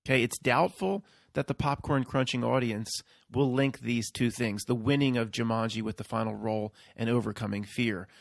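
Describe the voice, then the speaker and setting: A man's voice: medium pitch, normal speed, vocal fry, few pauses, no room sound, clean studio sound. A man hosting his own video, talking in a rambling, casual monologue and often checking in with his listeners. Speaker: video host.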